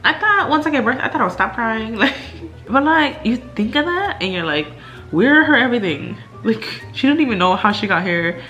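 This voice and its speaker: A woman's voice: a little high, very animated, brisk, hardly any pauses, sharp tone, highs cut off, soft background music. A young woman vlogger talking candidly at home in a chatty way, with lots of fillers and laughs. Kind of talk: casual chat. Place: indoors at home.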